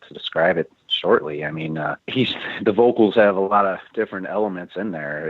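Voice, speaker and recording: A man's voice: low-pitched, dry recording. A man being interviewed as a guest musician, telling rambling stories with frequent chuckles. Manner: rambling storyteller, chuckles often. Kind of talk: casual interview chat. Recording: tinny phone line.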